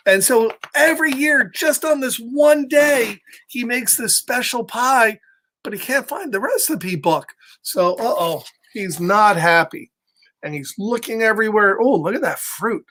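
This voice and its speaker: A man's voice: high-pitched, a bit bright. A man reading a picture book aloud to listeners, breaking off into playful chatty asides and laughing often. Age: adult with a child. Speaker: children's story reader.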